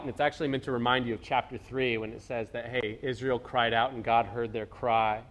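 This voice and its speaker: A man's voice: mid-range voice, steady tone, normal speed, fairly bright tone. A young adult man preaching in a casual, storytelling way, full of fillers and asides. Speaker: pastor. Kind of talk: conversational sermon.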